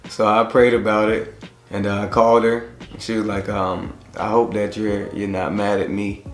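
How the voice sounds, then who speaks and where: A man telling how he met his wife in a laid-back, halting way, acting out the conversations as he goes. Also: on the low side, level tone. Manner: laid-back, halting retelling that acts out dialogue. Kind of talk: casual storytelling. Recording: roomy echo with faint music.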